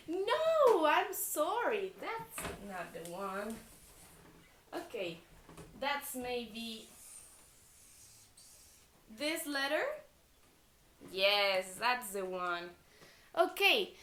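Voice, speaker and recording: A woman teaching young children letter sounds, slowly repeating each sound for them to echo. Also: high-pitched, sing-song, pushed and bright, a little hiss or hum. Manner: switches between English and Spanish. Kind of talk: phonics lesson for young children.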